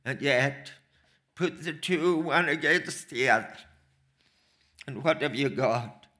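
Slow, emphatic male preacher. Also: medium pitch, sharp tone. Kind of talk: sermon.

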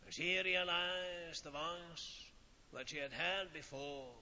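A man preaching a sermon in a slow, solemn manner, with dramatic pauses and phrases that fall away softly. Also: fairly high pitch. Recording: old lo-fi recording in a reverberant hall.

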